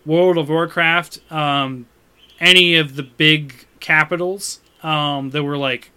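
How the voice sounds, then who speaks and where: Guy on a video call, bright crisp voice, chill gaming talk. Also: on the high side, fairly even intonation, slow. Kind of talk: casual gaming chat. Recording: online call, connection glitches.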